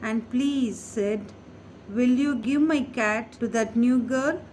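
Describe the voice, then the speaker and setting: A woman voicing a young boy who pretends to be dying, groaning and pleading in a rushed, dramatic way. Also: on the high side, darkish tone, a little hiss or hum, close to an everyday voice. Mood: whiny groaning. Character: boy faking illness, whiny and dramatic.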